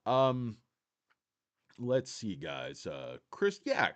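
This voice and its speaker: A man's voice: mid-range voice, wildly swooping pitch, very slow. A man hosting a casual stock market livestream, brash and profane, talking to viewers and reading their chat.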